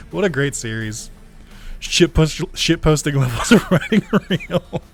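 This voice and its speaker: A young man doing casual let's play commentary, excitable, laughing often and swearing freely. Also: on the high side, takes it slowly.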